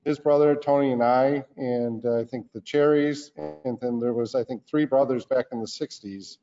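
Mellow-voiced man, slow and earnest. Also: mid-range voice, fairly even intonation, faint music behind. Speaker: state senator, guest. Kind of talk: political interview talk. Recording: dull lo-fi sound.

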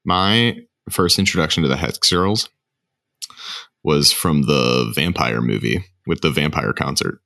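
A man's voice: extremely low pitch, unhurried, bright, forceful tone. A man co-hosting a podcast in casual chat, talking loosely and hedging with filler words. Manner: chatty, laughs easily, hedging with "like".

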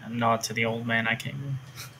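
A man playing a tabletop game, talking in a relaxed, hesitant way. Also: medium pitch, moderate pace, slight background noise, poor audio. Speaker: player.

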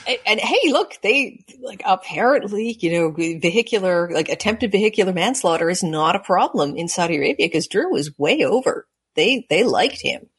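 A woman's voice: medium pitch, expressive, normal speed, few pauses, husky. A woman co-hosting a casual wrestling chat, sarcastic and filling her speech with "like". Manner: chatty, sarcastic, lots of "like". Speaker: co-host.

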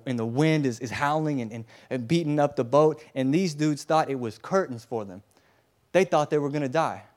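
Conversational preacher man, slangy and animated. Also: on the high side. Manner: animated storytelling, slangy asides, repeated stammered starts. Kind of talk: casual conversational sermon.

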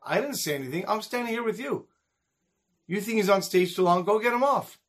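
A man's voice: high voice, expressive, a little fast, a bit bright, pitched above the performer's own voice. A man speaking the lines of a persistent male television host who coaxes and persuades, inside a told story. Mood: promising.

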